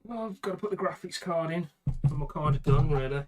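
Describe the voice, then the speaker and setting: A British man with a fairly high voice talks a little fast, casually chatting to himself and the camera as he builds a computer, muttering asides along the way. The recording is rough.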